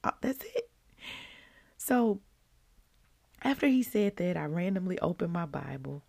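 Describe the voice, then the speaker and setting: A woman hosting a devotional podcast, earnest and emotional, her voice breaking into excited peaks as she shares her morning. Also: fairly low pitch, measured pace, creaky. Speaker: podcast host.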